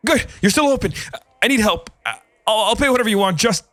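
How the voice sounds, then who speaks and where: A man's voice: mid-range voice, slow, dry recording, pitched above the performer's own voice. A man voicing a weary, terrified man in his thirties who pleads frantically. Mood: desperate.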